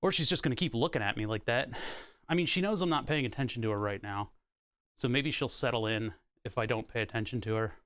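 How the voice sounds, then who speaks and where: A man chats casually on a live stream from his workshop, slipping into a high sing-song voice whenever he talks to his puppy. He laughs often, and his voice sits at a middling pitch. The sound is dry and close, with no room echo. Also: fast talker, a bit bright, clear, resonant tone. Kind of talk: casual chat.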